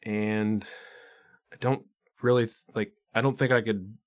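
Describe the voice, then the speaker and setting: Slow, thoughtful male podcast co-host. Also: on the low side, fairly even intonation. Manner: thoughtful, hesitant. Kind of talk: casual film review chat.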